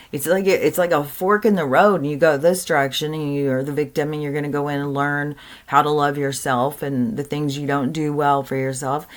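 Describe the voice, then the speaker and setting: A woman giving an earnest, rambling spiritual monologue to camera, full of fillers and restarts. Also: deep voice. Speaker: spiritual content creator.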